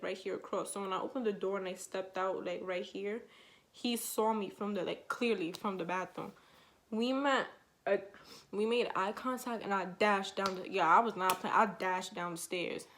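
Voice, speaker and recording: A woman vlogger telling a storytime vlog in casual, slangy speech full of fillers, retelling it with emotion. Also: mid-range voice.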